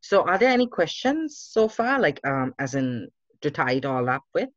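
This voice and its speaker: A man teaching English in an online class, explaining slowly and reassuringly, with halting fillers over a video call. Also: fairly high pitch, big pitch swings, no room sound. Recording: muffled video-call audio.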